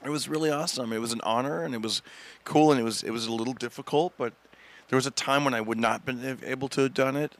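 A man's voice: medium pitch, steady tone, fast talker. A man, a stand-up comedian, telling a rambling story with frequent chuckles in a casual podcast chat.

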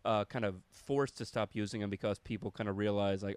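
A man's voice: fairly low pitch, a little fast, few pauses, smooth, dry recording. A man, a comedian and podcast host, talking casually in a profane, rambling way. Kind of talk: casual chat.

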